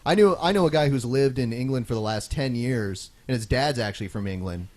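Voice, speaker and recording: A man's voice: medium pitch, brisk, darkish tone, no echo. A man co-hosting a podcast, giving blunt opinions in casual chat. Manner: opinionated, ranting. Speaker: podcast co-host.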